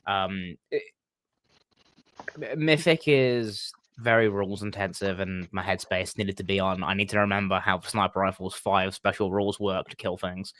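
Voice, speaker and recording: A man's voice: fairly low pitch, a bit bright, no room sound. A man talking casually about running tabletop games, hesitant and full of ums and restarts. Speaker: game master and stream co-host. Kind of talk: casual podcast chat.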